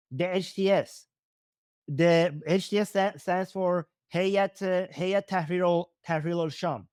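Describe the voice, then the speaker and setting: A man with a Persian accent gives casual live commentary on videos, thinking aloud and frequently restarting and correcting himself. His voice is high-pitched, and the studio sound is clean with no echo.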